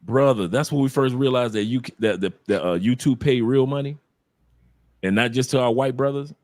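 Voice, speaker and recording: A man's voice: medium pitch, a little fast, darkish tone, no echo. A man from the United States talks as a podcast guest in a casual, emphatic way. He addresses listeners directly and preaches his point. His voice sits mid-range and sounds dry and close.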